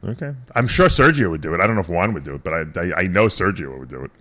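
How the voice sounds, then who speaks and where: A man's voice: sits low, expressive, racing, fairly bright tone. A middle-aged man hosting a radio show, telling rambling stories in casual, profane chat.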